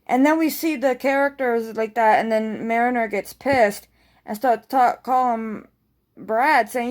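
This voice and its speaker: A woman casually recapping a TV episode, rambling excitedly and swearing freely. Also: fairly high pitch, unhurried. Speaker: TV episode reviewer.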